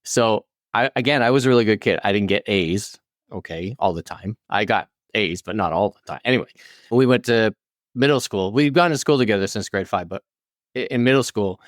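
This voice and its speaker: A middle-aged man telling a story in casual podcast chat, jumping up into high quoted voices. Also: fairly quick, no room sound, clean studio sound. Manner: animated, jumps into high-pitched quoted voices. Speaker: podcast guest.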